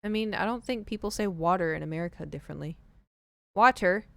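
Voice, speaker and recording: Southern lady streamer ranting about words, smooth voice, dry close sound. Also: on the low side, rapid-fire, no echo. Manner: chatty, ranting, mocking pronunciations. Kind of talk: casual chat while gaming.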